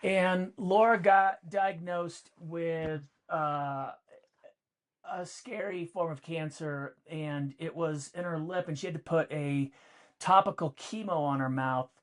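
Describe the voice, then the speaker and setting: A man's voice: fairly high pitch, takes it slowly. A middle-aged man co-hosting a podcast, telling a personal story emphatically and repeating key points for effect. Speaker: podcast co-host.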